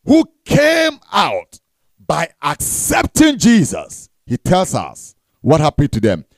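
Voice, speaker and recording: A man preaching a sermon, leading the congregation in call-and-response with shouted, sing-song emphasis and frequent repetition. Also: fairly high pitch, wildly swooping pitch, slow, dry recording, studio quality. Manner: repeats words and restarts.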